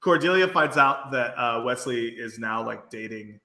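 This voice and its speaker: A man's voice: mid-range voice, animated, normal speed, pushed and bright, echoey room. A man with a faint Brooklyn accent, co-hosting a podcast and recapping an episode in a rambling, filler-heavy casual chat. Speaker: podcast co-host.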